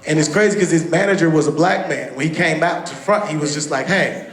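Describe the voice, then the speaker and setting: Male stand-up comic from Texas, high-pitched, animated and profane, live in an echoey club. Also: fast. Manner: loud, animated, profane, acts out quotes. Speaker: stand-up comedian. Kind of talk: stand-up comedy set. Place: comedy club stage. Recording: roomy club recording.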